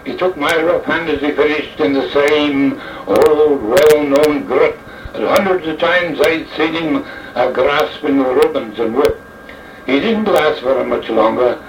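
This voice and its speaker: A man giving a dramatic verse recitation in the voice of an old jockey, with a theatrical, slow and deliberate delivery, in an echoey, distant, dull old recording. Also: fairly high pitch, slight background noise.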